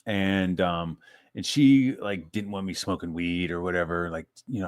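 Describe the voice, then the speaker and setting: A man with a fairly low voice tells a personal story in a loose, rambling way. He curses often, restarts his sentences, and piles up fillers as he goes. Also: normal speed. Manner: rambling, profane, self-interrupting. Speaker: streamer. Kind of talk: casual storytelling.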